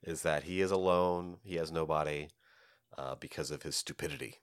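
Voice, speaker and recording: Deep-voiced guy cohost, dry close sound, giggly, lots of uhs. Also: moderate pace, smooth, no echo. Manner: animated, giggly, trails off with filler words. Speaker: podcast co-host. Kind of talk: casual chat about comics.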